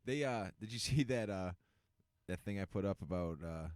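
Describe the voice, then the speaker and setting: A man's voice: lowish voice, moderate pace, clear, resonant tone, no echo, clean studio sound. A man co-hosting an internet radio show, chatting casually, laughing often and quoting film lines. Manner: laughing, quotes movie lines. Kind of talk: casual podcast banter.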